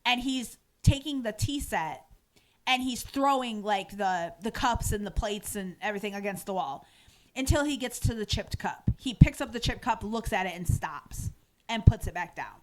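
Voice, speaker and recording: A woman co-hosting a podcast, casually recapping a TV episode with animated, filler-heavy storytelling. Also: mid-range voice, moderate pace, slight background noise. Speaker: podcast co-host.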